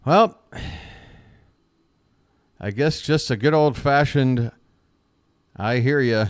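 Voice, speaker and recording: Man, mid-pitched, fan play-by-play host, chatty and conversational, close dry sound. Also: very slow, long pauses, dry recording. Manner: chatty, addresses listeners as folks, frequent uh fillers. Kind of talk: live fan play-by-play and commentary.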